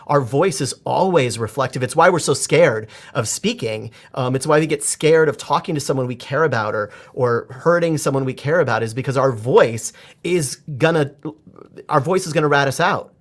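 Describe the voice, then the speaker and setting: A man in his forties, a performance coach, talking as a podcast guest in an animated, expressive way with frequent restarts. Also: mid-range voice, moderate pace. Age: 40s. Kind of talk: conversational podcast interview.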